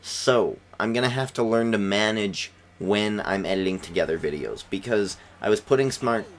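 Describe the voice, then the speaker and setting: A man's voice: on the low side, moderate pace. A man giving rambling, chatty commentary over footage of his wrestling game, self-deprecating as he talks. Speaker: wrestling game video creator. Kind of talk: casual commentary over gameplay.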